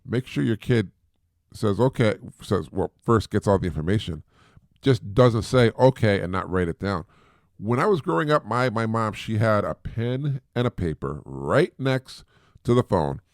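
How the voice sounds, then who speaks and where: A middle-aged man talks through everyday advice in a low, gravelly voice, chatty and prone to repeating himself. The sound is dry and close, with no room around it. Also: lively intonation, moderate pace, no room sound. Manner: chatty, repeats words, mimics voices for effect. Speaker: podcast host. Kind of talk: casual advice talk.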